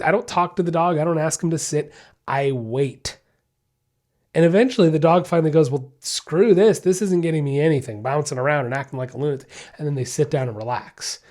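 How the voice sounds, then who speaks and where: A man with a mellow, darker voice sitting a touch high for a man talks through dog training on his podcast. He is emphatic and repeats his key points, checking in with "you see what I'm saying?" He drops into quick little voices for what the dog is thinking. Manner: acts out the dog's thoughts in quoted asides. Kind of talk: casual explanatory podcast talk.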